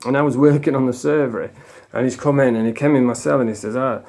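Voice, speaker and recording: A man's voice: mid-range voice, fast talker, warm tone. A man, a former addict telling his story in a frank, casual monologue full of swearing. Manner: frank, swears a lot, plain-spoken.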